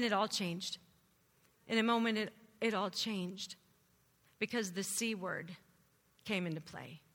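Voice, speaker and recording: A woman's voice: medium pitch, pushed and bright, long reverb tail. A woman giving a personal testimony to a church congregation, telling her story with animation and acting out her younger self. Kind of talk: testimony sermon.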